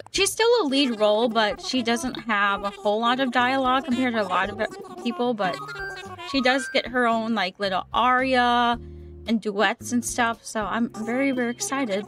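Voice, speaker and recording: A young woman livestreaming a game, chatting casually and upbeat with her viewers, sometimes tripping over her words. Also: on the high side. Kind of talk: casual chat with live chat while gaming.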